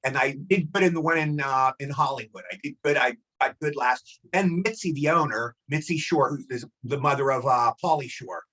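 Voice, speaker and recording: A man's voice: medium pitch, normal speed, few pauses, a bit bright. A man in his sixties, a guest actor telling rambling anecdotes in a casual interview and repeating himself.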